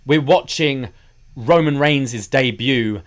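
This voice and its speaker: Man, podcast co-host, wrestling talk, measured recap, mid pitch. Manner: measured, recaps dates and venues. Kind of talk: casual wrestling chat.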